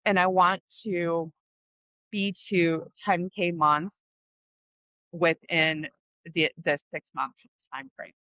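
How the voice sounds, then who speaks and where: A woman's voice: on the low side, steady tone, slow pace, pauses often, no echo, lo-fi sound. A middle-aged woman hosting her own vlog, reflecting candidly and casually, with frequent swearing. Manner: casual, frank, swears freely. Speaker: host.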